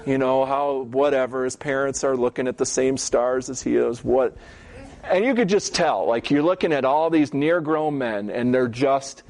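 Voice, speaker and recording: Man, church teaching talk, conversational storyteller, middle pitch, frequent asides. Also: moderate pace, darkish tone. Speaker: Bible teacher.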